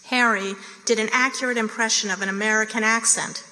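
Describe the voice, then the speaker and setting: A woman reading the narration of a play at a steady, measured pace. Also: a little high. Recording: reverberant hall.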